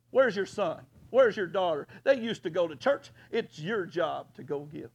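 A man preaching a folksy sermon as pastor, rising at times to loud hollers. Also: high-pitched, lively intonation, moderate pace, creaky, hardly any pauses, husky.

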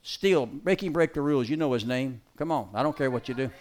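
In a live sermon to an audience, a man sounds folksy and emphatic, swinging between loud calls and murmured asides as he briskly commands a dog. He has an expressive, mid-range voice.

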